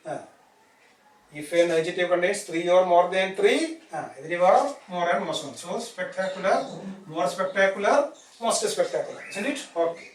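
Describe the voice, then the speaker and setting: A man teaching a grammar lesson, spelling words letter by letter and asking "isn't it?" after each point. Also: high-pitched. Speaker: English teacher. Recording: echoey room, distant mic, faint hiss.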